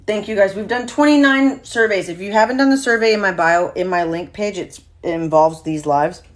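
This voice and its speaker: A woman's voice: medium pitch, fairly quick. A woman hosting a casual live stream, talking candidly and swearing freely as she reacts to viewer comments.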